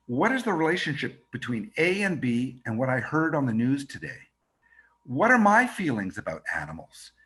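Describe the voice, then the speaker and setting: A man, a radio reporter and documentary maker, teaching a workshop by telling a fast, expressive story and acting out the quotes, over a video call. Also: a little high, breathy edge. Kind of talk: animated storytelling lesson.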